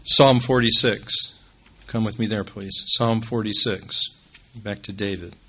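A man preaching a sermon as pastor. He rises to emphatic peaks, then drops low and quiet when he calls out scripture references. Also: steady tone, measured pace, slightly rough.

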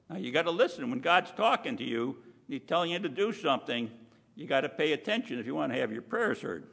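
A man preaching a sermon in a chatty, emphatic way, full of asides and slowed-down stressed words. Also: on the high side, sing-song, creaky, fairly bright tone, breathy edge. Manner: conversational preaching with frequent asides. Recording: long hall reverb.

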